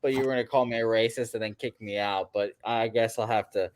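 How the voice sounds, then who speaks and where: A man's voice: fairly low pitch, fairly even intonation, fast talker. A man who produces and co-hosts a sports betting show, playful and teasing, laughing often in casual chat.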